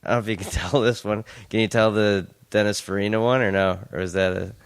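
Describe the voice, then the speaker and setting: Smooth, low-voiced podcast host. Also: male voice, fairly even intonation, no echo. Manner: easygoing prompter, quick to laugh along. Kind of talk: casual interview chat.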